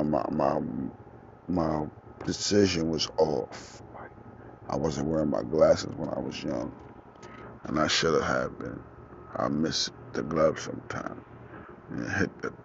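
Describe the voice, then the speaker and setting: A young podcast host tells a story outdoors in animated, profane street slang while four-wheelers go by. His voice is very deep and gravelly. The recording is dull and lo-fi, with faint vehicle noise in the background.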